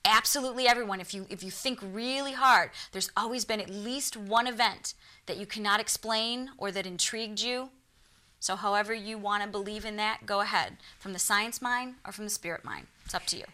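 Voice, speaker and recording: A woman's voice: medium pitch, fairly quick, bright, forceful tone. A woman with a Michigan accent, a guest on a TV talk show, telling her own experiences earnestly and acting out the voices she quotes. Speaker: guest, psychic medium. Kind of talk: storytelling in a TV interview.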